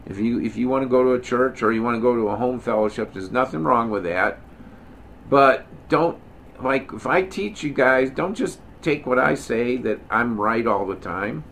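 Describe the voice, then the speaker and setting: A man's voice: mid-range voice, moderate pace, creaky, a bit bright, slight background noise. Middle-aged guy teaching a home bible study, wanders off topic a lot, cracks little jokes, normal mid voice. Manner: digressive, self-correcting, joking asides; reads scripture aloud with emphasis.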